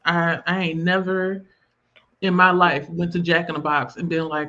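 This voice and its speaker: A woman's voice: fairly low pitch, level tone, normal speed, sharp tone, muffled recording. A woman hosting a casual livestream, chatting loosely and laughing often as she talks to a guest. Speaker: livestream host. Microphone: video call.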